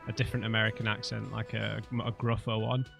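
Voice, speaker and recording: A man's voice: fairly low pitch, little pitch movement, fast talker, creaky, over music. A man hosting a let's play, commenting on the game in a rambling, hesitant, chatty way. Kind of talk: casual gameplay commentary.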